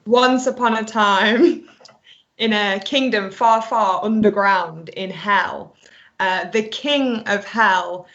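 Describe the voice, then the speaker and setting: A woman's voice: mid-range voice, slow, a bit bright, lo-fi sound. A woman telling an improvised comic story in a playful way.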